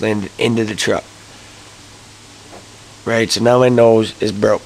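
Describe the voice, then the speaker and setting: Rambling low-voiced young man telling a story. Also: a little slow, pauses often, a little hiss or hum, low-quality recording. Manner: rambling, swears, jumps to high-pitched yelps when excited. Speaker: vlogger. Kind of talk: casual storytelling to camera. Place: at home, early morning.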